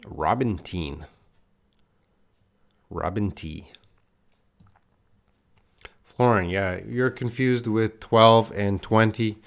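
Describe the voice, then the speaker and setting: Slow, deliberate man teaching English live. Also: fairly low pitch, creaky. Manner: slow, deliberate, drills words for students to repeat; chats with viewers, reading the live chat aloud. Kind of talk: live-streamed English lesson.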